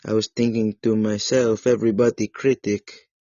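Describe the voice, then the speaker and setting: A man's voice: on the low side, level tone, normal speed, warm tone, no room sound, natural voice. A man putting on a put-on Russian accent as a tipsy, joking Russian man, speaking in playful broken English. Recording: muffled lo-fi audio.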